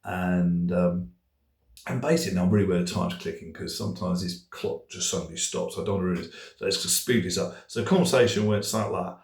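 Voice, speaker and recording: A man's voice: low-pitched, a little fast, darkish tone. Middle-aged man, self-deprecating comic storyteller, hesitant and rambling, mic set far back. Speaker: speaker. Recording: distant, echoey room.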